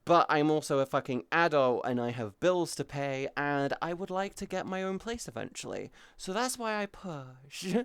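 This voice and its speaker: A man's voice: on the high side, expressive, normal speed, few pauses, fairly bright tone, smooth, dry recording. A man live streaming, talking openly and casually with his chat, swearing freely as he answers viewers.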